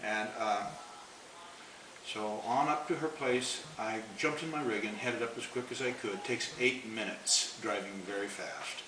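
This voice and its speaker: A man's voice: fairly low pitch, a little slow. A man telling a long story in a rambling, folksy way, chuckling as he goes. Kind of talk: casual spoken storytelling. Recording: roomy, distant, noisy home recording.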